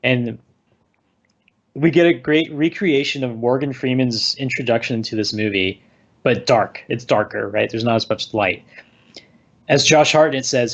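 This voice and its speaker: Man casually retelling a movie plot. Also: medium pitch. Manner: rambling retelling, acting out lines with laughs. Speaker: podcast co-host recapping a movie. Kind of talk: casual chat. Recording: slightly dull lo-fi recording.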